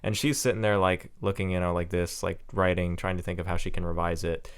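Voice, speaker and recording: A young man co-hosting a podcast in casual chat, telling stories in an animated way and laughing often. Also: low-pitched, brisk, clear, resonant tone. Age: young adult. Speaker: podcast co-host.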